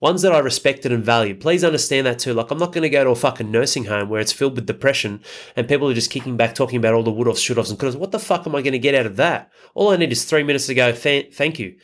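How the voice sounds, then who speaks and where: A man's voice: medium pitch, very fast. A man, hosting a podcast and talking bluntly with heavy swearing in a casual motivational monologue. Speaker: podcast host.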